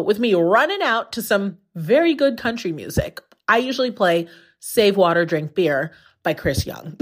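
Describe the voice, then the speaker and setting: A woman from the South, hosting her podcast and telling a personal story in a chatty, self-deprecating way. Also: medium pitch. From Southern US, Atlanta. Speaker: podcast host and speaker. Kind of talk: casual solo podcast storytelling.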